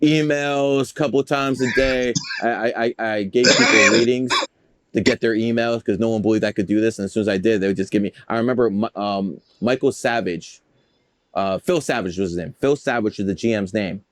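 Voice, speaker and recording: A man with a fairly low voice spins loose, boastful stories, swearing freely and wandering off track. The sound is dry and close, with no room around it. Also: a little fast, dry recording. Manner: boastful, profane, rambling. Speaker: guest, numerologist. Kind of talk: casual storytelling interview.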